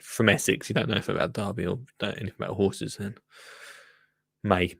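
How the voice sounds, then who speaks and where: A man hosting a casual livestream, chatting and joking as he reacts to a gardening show. He often restarts his sentences and coos at his plants in a high, sing-song voice. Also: flat delivery, quick pace, gravelly, husky. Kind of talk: casual chat.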